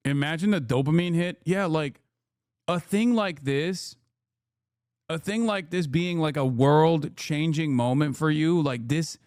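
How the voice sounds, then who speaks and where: A man's voice: on the high side, unhurried, darkish tone, clear, resonant tone, dry recording. Sarcastic man streaming with a dry sound. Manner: sarcastic, joking. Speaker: streamer host. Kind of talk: casual reaction stream.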